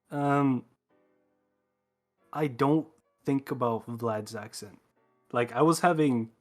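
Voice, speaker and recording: A Swedish native speaker, a man from Sweden, talking easygoingly as a guest through a voice changer on an online call. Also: medium pitch. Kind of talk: casual interview chat.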